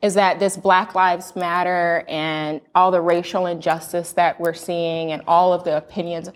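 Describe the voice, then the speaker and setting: A young adult woman from the United States telling a personal story in a candid chat, earnest and animated. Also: lowish voice, a little slow. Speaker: panel guest sharing a birth story.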